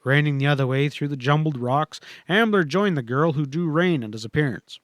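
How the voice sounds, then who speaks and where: A man narrates a western audiobook with a steady, measured delivery. His voice sits a little high for a man. It is recorded close and dry, with no room sound. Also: no room sound.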